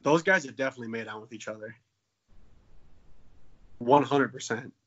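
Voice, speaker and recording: A man's voice: normal speed, fairly bright tone, lo-fi sound. A man in his twenties co-hosting a casual comedy podcast, joking and swearing and slipping into silly voices. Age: 20s. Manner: jokey, profane, bursts into silly high voices. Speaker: podcast co-host.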